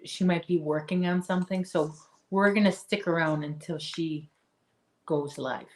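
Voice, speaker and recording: A woman with a lowish, somewhat slow voice hosts a crochet livestream, casually chatting with viewers and answering their comments. She often restarts her sentences.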